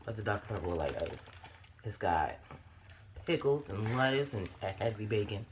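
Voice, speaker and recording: A woman chatting casually on a mukbang in a bedroom, animated and slangy, humming over her food. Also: a bass voice, moderate pace, slight background noise. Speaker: mukbang co-host. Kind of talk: casual chat while eating.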